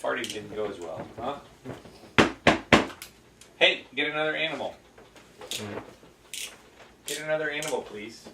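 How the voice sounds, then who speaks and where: A woman's voice: extremely low pitch, expressive, measured pace, pauses often. A woman playing a pretend game with a small child, coaxing and patient in a playful way. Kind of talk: home video play with a toddler. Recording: roomy home video, distant mic, noisy.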